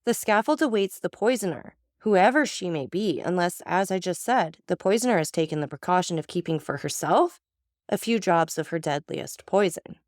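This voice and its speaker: A woman's voice: lowish voice, animated, moderate pace, dry recording, clean studio sound, natural voice. A woman voicing a stern, cold-blooded male magistrate who speaks with contempt and accusation. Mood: accusing.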